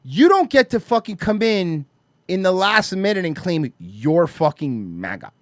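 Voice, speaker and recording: Animated, cursing male podcast host. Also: high-pitched, unhurried, dry recording. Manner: profane, animated storyteller who acts out quotes. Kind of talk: casual podcast chat.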